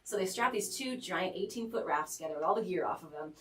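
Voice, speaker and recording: A woman as a radio guest, telling a rambling story with animated, laughing delivery and lots of "like" fillers. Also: fairly low pitch, fast, reverberant, recorded from a distance, rough recording. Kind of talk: casual storytelling. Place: radio studio.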